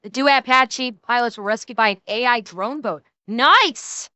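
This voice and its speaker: A woman's voice: a little high, unhurried, sharp tone, no echo. A woman co-hosting a reaction stream, chatting casually and laughing along.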